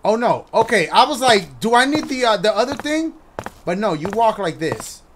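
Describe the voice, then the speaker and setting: A man giving loud, excitable commentary as he plays a horror video game, shouting reactions and cracking jokes. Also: high voice, normal speed, slight background noise. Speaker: gaming YouTuber. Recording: music playing behind the voice.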